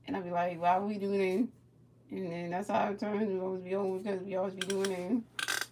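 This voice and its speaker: A woman's voice: medium pitch, little pitch movement, fairly quick, noisy background. A woman streamer giving casual play-by-play of a baseball video game, chatting with a viewer and stumbling over repeated words.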